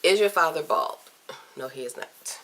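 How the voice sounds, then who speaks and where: A woman in her thirties from Virginia, chatting casually through a list of tag questions on a camcorder, candid and playful, often trailing off softly. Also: deep voice, sing-song, moderate pace. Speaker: vlogger. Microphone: camcorder mic.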